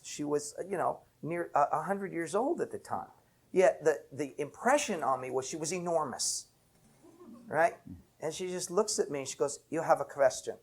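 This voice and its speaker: A man's voice: fairly high pitch, slightly rough. A man, an enneagram teacher, telling a reflective story with bursts of laughter. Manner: animated anecdote with laughter.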